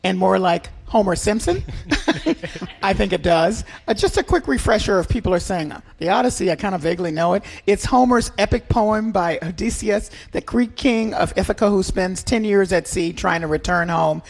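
A woman's voice: medium pitch, expressive, moderate pace, creaky, darkish tone. A woman hosting a radio arts and culture chat, wry with laughing asides. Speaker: radio show host.

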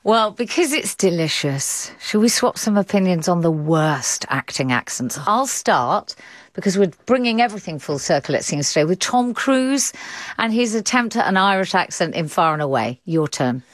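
A woman hosting a radio arts show, brisk, playful and conversational. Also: fairly low pitch, big pitch swings, no echo. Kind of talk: broadcast radio presenting.

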